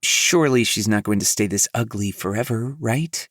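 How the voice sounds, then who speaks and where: A man's voice: fairly low pitch, moderate pace, fairly bright tone, no room sound, studio quality, pitched above the performer's own voice. A man voicing a brash young woman who is a new mother, blunt and cheeky.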